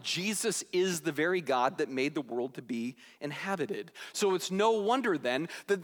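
Animated high-voiced male pastor in a reverberant hall. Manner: animated, jokey, acts out quotes with big pitch jumps. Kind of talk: sermon.

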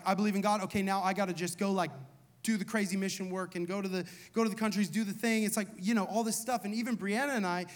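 A man in his thirties delivers a sermon with a rather high voice. He talks like he is chatting with friends, peppering his lines with "like" and "you know". Then he drives points home with repeated short questions. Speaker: pastor. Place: church hall.

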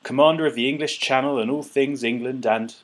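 Pompous sneering seagull boss, overfed and loud, read by a man with a husky voice. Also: mid-range voice, expressive, moderate pace, close to an everyday voice. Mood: boastful. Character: pompous overfed male seagull border chief.

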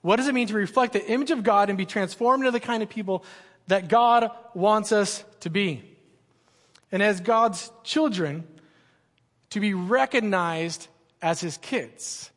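A man with a high voice delivers a sermon as a student pastor, keeping it casual, joking and energetic. His words ring out with a long reverb in a large church auditorium. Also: unhurried. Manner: energetic, joking, conversational preaching.

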